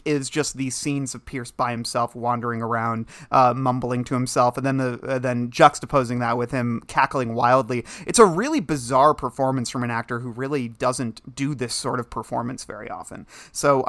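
A man co-hosting a casual podcast about a film, animated and quick to laugh. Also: mid-range voice, no room sound. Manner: animated, laughs often, mimics the actors he discusses. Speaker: podcast co-host.

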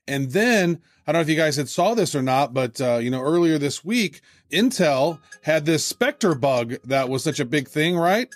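Upbeat higher-voiced man co-hosting a podcast. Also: dry recording, clean studio sound. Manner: enthusiastic, fast, many fillers. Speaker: podcast co-host. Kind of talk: casual podcast chat.

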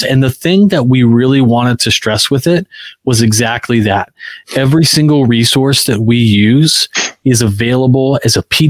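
A man's voice: mid-range voice, no room sound. A man co-hosting a podcast in casual, rambling chat, full of filler words. His voice sits in a middle register. The recording is dry and close, with no room sound. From Illinois, US. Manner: relaxed, rambling with many fillers. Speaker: podcast co-host.

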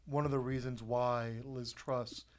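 A man's voice: medium pitch, little pitch movement, a little slow. A man co-hosting a casual podcast, wry and opinionated, tossing in quips. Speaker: podcast co-host. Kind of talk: casual chat.

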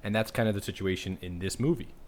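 Low-ish voiced dude rambling podcast questions, faint hiss behind. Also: male voice, quick pace. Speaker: podcast co-host. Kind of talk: casual chat.

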